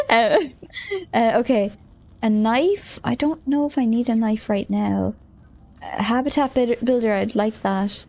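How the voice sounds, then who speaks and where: A fairly high-voiced woman streaming a game, talking herself through each step. She giggles a lot and gets startled easily, with a casual, chatty delivery. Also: measured pace, long pauses, a little mellow.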